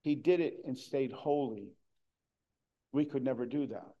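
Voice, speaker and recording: A man preaching a sermon, earnest, moving between hushed and emphatic delivery. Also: medium pitch, measured pace, gravelly, dull audio.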